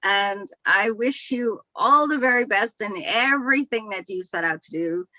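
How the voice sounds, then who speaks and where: A woman's voice: medium pitch, moderate pace, sharp tone, no room sound, highs cut off. A woman hosting a live talk show, effusive and full of praise, giggling often. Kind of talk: casual live-stream interview.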